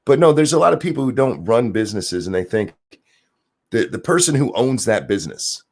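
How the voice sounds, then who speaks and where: A man's voice: medium pitch, very animated, brisk, darkish tone. A man hosting a stream, ranting sarcastically and profanely as he reacts to viewer comments. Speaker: streamer host.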